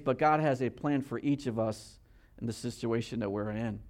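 This man, a pastor in his sixties, preaches at normal speed with a medium-pitched voice. His sermon is earnest and conversational, and he checks in with listeners while alternating loud emphasis with quiet asides.

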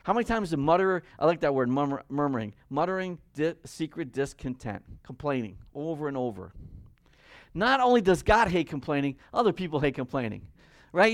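A man preaches a sermon in a fairly high voice, pushing hard and loud when he reads scripture. The sound is dry and close, with no room around it. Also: dry recording. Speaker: pastor.

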